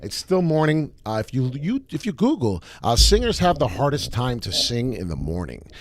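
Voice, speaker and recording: A man hosting his own channel, chatting excitedly about crypto charts with lots of "uh" fillers and a voice that cracks now and then. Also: mid-range voice, normal speed. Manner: breaks into loud off-key singing. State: voice cracking in the morning. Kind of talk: casual crypto chart commentary.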